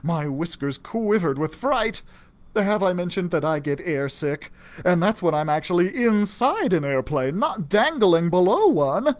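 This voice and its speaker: A man reading a children's storybook aloud for a library, giving the first-person mouse narrator an animated, expressive delivery. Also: unhurried. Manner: animated, expressive reading with big pitch swings.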